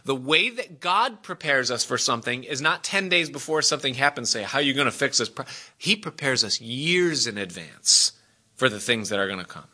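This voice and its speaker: A man's voice: mid-range voice, lively intonation, normal speed, pushed and bright. A man preaching a sermon as pastor, emphatic and asking his congregation direct questions.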